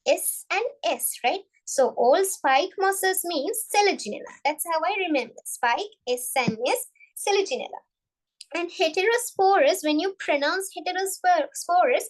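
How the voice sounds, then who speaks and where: A woman's voice: sits high, poor audio. A young woman giving a biology revision lesson, often repeating and restarting her phrases. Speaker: biology tutor.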